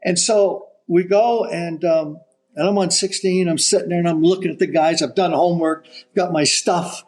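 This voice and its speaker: An older man with a high voice spins a golf story as a podcast guest. He is an animated storyteller who slips into the voices of the people he quotes. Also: moderate pace, poor audio. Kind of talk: storytelling anecdote.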